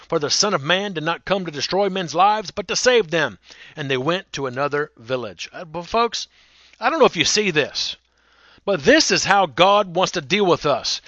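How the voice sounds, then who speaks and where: A man's voice: sits high, bright, forceful tone, dry recording, lo-fi sound. A man preaching a sermon, emphatic and direct, often repeating words and acting out quoted speech.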